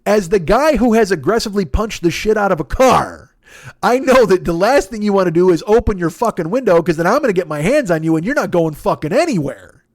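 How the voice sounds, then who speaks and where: A man's voice: high voice, expressive, fairly quick, dry recording, studio quality. A man, telling a long, profane, exasperated story as a comedian and acting out the dialogue. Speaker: comedian host. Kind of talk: solo storytelling podcast.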